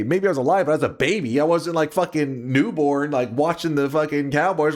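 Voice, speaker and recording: A man's voice: fairly high pitch, fairly quick, few pauses. A man in his thirties chatting casually on a livestream, ranting and joking with lots of swearing. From United States. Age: 30s. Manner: ranting, profane and jokey with chat.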